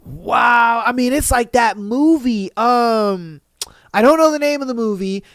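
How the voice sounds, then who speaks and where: A man hosting a podcast, reading listener posts aloud in a casual, animated way, swearing and acting out his own reactions. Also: very high-pitched, a little slow, no echo, studio quality. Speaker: podcast host.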